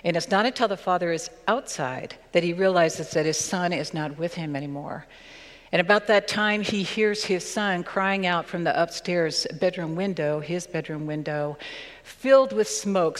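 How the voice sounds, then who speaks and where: A woman pastor reading scripture and preaching a sermon in a measured, earnest way, slowing down for emphasis. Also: lowish voice, long reverb tail.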